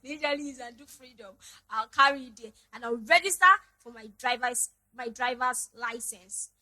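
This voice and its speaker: A young woman with a Nigerian English accent, hosting a podcast and telling a personal story in an animated, dramatic way. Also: fairly high pitch, normal speed, low-quality recording. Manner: animated, dramatic, laughing retelling. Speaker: podcast host. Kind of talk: casual storytelling monologue.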